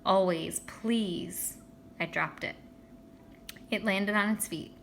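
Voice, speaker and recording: A woman's voice: medium pitch, slow, slight background noise. A woman reading a children's novel aloud, expressively voicing its characters. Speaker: audiobook reader.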